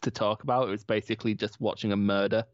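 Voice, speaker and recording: A man's voice: lowish voice, little pitch movement, fast talker, dry recording. Young Scottish man, dry dull mic. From Scotland. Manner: defensive, self-mocking, laughs often. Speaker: podcast co-host. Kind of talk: casual chat.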